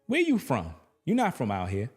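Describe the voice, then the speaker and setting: A man's voice: medium pitch, huge pitch swings, normal speed, husky, soft background music. A man quoting a chatty Southern woman cashier in his own casual voice. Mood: questioning.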